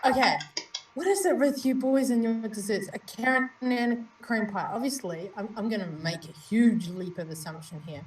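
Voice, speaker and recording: A woman's voice: on the high side, a little fast, recorded from a distance, rough recording. Teasing New woman, slightly off mic. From New Zealand. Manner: playful, teasing, bursts into loud laughter. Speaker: co-host. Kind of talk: live-stream casual chat. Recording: voice a little off mic.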